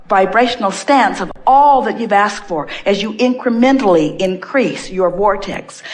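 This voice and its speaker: A woman giving an inspirational talk to an audience as a spiritual teacher. She speaks as a collective "we", repeats phrases for emphasis and stretches out key words. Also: medium pitch.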